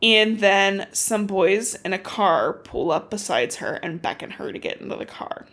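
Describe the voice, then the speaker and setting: A woman's voice: medium pitch, normal speed. Chatty woman recapping a book casually. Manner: animated storytelling, swears freely, many "like"s. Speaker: podcast host.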